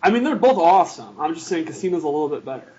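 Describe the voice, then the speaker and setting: A man's voice: a little high, big pitch swings, rapid-fire, warm tone, highs cut off. A man co-hosting a podcast, teasing his friend in casual, jokey banter. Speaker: podcast co-host. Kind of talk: casual chat.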